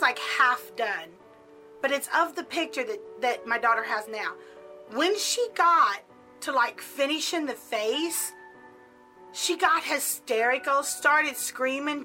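A woman's voice: sits high, pushed and bright, poor audio. A middle-aged woman casually telling a personal story, chatty and full of filler words. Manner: chatty, peppered with "like".

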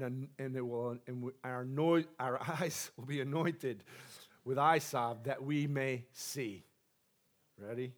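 A man preaching a charismatic sermon to a congregation in a church, passionate, swinging between loud exhortation and soft asides. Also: medium pitch. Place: church sanctuary.

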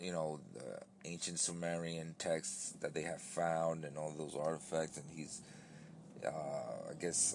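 Tired guy rambling on his podcast, real low voice, loose and sweary, a bit of background hum. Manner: loose, rambling, swears casually, many restarts. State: tired, yawning. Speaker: podcast host. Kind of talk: casual solo podcast rambling.

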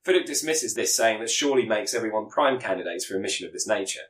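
A low-pitched man recaps a story's plot in an unhurried storytelling manner, now and then correcting himself mid-sentence. His voice carries a noticeable roomy echo, as if recorded in an untreated room. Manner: steady storytelling delivery with occasional self-corrections.

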